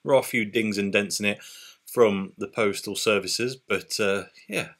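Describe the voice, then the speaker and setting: A man's voice: on the low side, moderate pace, a bit bright. A British man hosting a casual beer review vlog, chatty and upbeat with loose fillers. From Britain.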